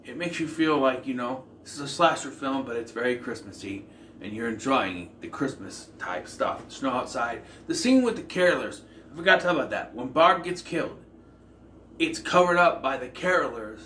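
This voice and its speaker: A man's voice: medium pitch, animated, moderate pace, fairly bright tone, recorded from a distance. A man hosting a casual film review, talking in a rambling, conversational way with lots of fillers and self-corrections. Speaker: film reviewer, channel host. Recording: echoey room with faint ambient noise.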